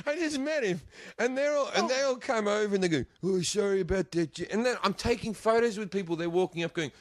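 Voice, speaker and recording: A man's voice: high voice, fairly quick, few pauses, no echo. A man telling profane, laughing anecdotes in casual chat, acting out the voices of the people in them. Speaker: guest comedian. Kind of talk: animated storytelling chat.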